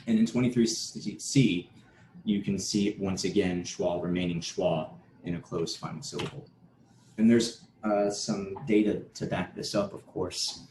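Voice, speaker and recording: A man's voice: lowish voice, dark tone. A man giving an academic conference talk, explaining steadily and restarting a word now and then. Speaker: conference presenter. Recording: echoey room with faint noise.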